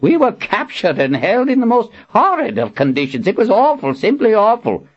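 A man voicing a frail, excitable old male wizard with a thin, squeaky voice. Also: moderate pace, husky, highs cut off, exaggerated voice. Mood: fussy excited.

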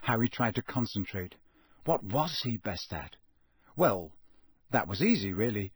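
Husky guy reading an audiobook, steady and even, dry sound. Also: on the low side, measured pace, no echo. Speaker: audiobook narrator. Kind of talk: scripted narration.

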